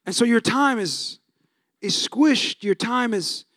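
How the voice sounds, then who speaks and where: A middle-aged male pastor with a strikingly high voice, delivering a sermon in an animated storytelling manner. He acts out scenes and bursts into loud, excited lines. The sound is dry and close, with no room echo. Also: takes it slowly.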